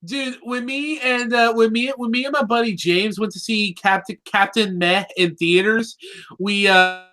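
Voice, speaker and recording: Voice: medium pitch, fairly even intonation, a little slow, sharp tone. A co-host in a casual review chat who rambles, cracks jokes and trips over words while retelling the plot. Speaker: co-host of a cartoon review show.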